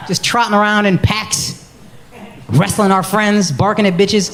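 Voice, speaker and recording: Brash high-voiced comedian roasting the crowd. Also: male voice, big pitch swings, measured pace. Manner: brash, profane, teasing the crowd. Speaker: stand-up comedian. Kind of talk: stand-up crowd work and bits. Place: comedy club with a laughing audience. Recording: live club recording with crowd laughter.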